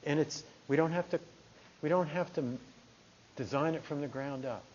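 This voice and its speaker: A man's voice: on the high side, normal speed. Man telling a story in a dharma talk. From New Jersey, USA. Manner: conversational, animated storytelling with restarts. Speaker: meditation teacher. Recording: dull lo-fi talk recording.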